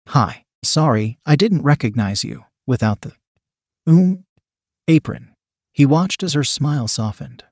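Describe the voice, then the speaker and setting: Man, audiobook narrator, husky voice, mid pitch, dry close sound. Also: a little mellow, dry recording.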